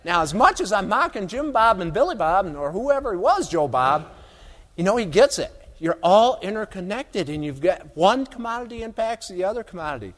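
A man's voice: high voice, very animated, normal speed, fairly bright tone. A man giving a humorous, folksy keynote talk on agricultural economics to a live audience, full of stories and asides. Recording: long hall reverb.

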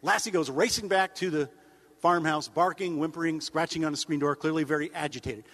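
Male humorist, high voice, deadpan and wry, speaking in a long-reverb hall. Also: a little fast. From United States. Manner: deadpan, wry, rambling asides with mock-outraged jumps in pitch. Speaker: humorist giving a speech. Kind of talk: stand-up style speech to an audience.

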